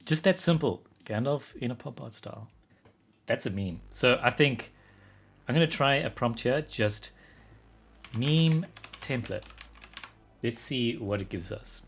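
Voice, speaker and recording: A man streaming live as an artist, thinking aloud in casual commentary, getting excited and laughing often. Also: medium pitch, unhurried, vocal fry, pauses often, husky.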